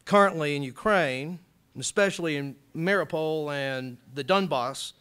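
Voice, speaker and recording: Impassioned bright-voiced male lecturer. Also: normal speed, clear, resonant tone. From Alabama, US. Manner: impassioned, rising loud and high when reading quotes. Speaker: college lecturer. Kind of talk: public lecture.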